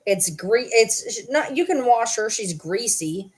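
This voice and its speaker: Woman vlogger. She is casual, profane and rambling, and her pitch swings widely. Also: animated, slow pace, husky. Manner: profane, rambling, talks to her dogs mid-sentence. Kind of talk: casual chat to camera.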